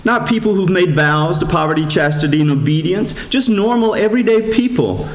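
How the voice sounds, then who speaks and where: A man, a priest giving a sermon in a gentle storytelling manner, slowing down and rising in pitch for emphasis. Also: expressive. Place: church. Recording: echoey church sanctuary.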